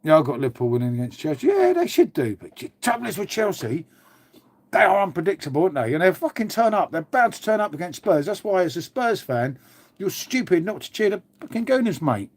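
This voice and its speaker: Chatty bloke live-streaming. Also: male voice, high-pitched, sing-song, quick pace, dry recording. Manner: chatty, swears, repeats "mate". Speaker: livestream host. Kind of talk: casual live chat with viewers.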